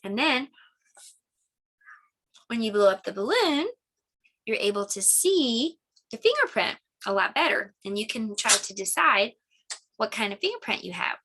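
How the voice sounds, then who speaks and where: A woman presenting a children's lesson video, gentle and teacher-like. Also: a little high, very animated, measured pace, long pauses. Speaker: homeschool teacher.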